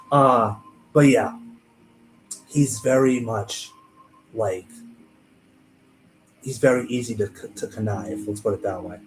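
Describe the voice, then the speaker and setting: A man with a mid-range voice, heard on a low-quality recording, discusses his book's characters on a livestream from home. He's chatty, interrupting himself and making small restarts as he goes.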